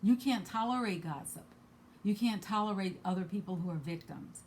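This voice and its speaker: An earnest woman reads spiritual cards and talks straight to the listener. She comes down hard on the words she cares about and says them more than once. Then she falls back to quieter asides. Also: mid-range voice, moderate pace, slight background noise. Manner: earnest, emphatic, repeats key phrases. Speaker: card reader. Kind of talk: spiritual card reading.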